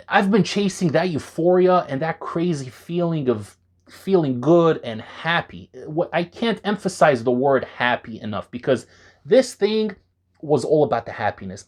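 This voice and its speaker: Man, supplement review vlog, animated, casual, talks to camera, middle pitch. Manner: animated, conversational, addresses viewers as "guys". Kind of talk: enthusiastic product review vlog.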